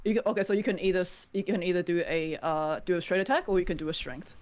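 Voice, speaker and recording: A woman's voice: fairly low pitch, quick pace. A woman narrating as game master of a tabletop game, in a chatty, descriptive way with lots of fillers.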